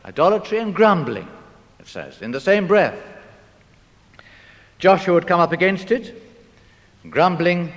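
A man's voice: fairly high pitch, in a large hall. A man preaching a sermon, quoting scripture and pressing his point with rhetorical questions and dramatic delivery.

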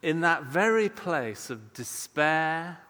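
Brief: male preacher, slightly high voice, unhurried sermon delivery, long reverb of a church hall. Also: very animated. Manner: slow, measured preaching with soft dropping phrase ends.

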